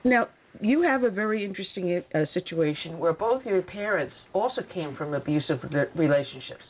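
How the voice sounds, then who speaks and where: A woman hosting a radio talk show, chatty and quick to laugh at herself. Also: fairly low pitch, animated, husky. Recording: phone-like call-in audio.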